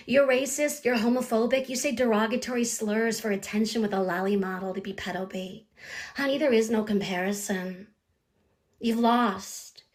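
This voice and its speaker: A woman ranting in a recorded voice memo, talking down to her target in a condescending way and calling them "honey.". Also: a little high. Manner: condescending, calls the listener "honey". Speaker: sender of a voice memo.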